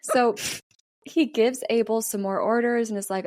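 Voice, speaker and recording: A young woman co-hosting a podcast, casually retelling a film's plot and acting out the characters' lines with lively shifts in pitch. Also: moderate pace, dry recording, studio quality. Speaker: podcast co-host retelling a film. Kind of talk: casual storytelling chat.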